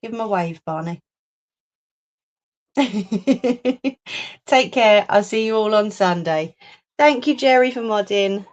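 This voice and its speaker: A woman's voice: medium pitch, normal speed. A woman hosting a casual crafting livestream from home, chatting and answering viewer comments as she works. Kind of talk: casual live chat while crafting. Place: home craft room, indoors. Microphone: phone or webcam on a livestream.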